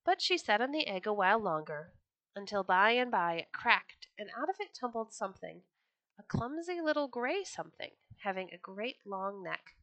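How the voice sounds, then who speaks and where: Bright-voiced woman reading a children's story. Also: medium pitch, normal speed, no room sound. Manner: expressive, gentle storytelling.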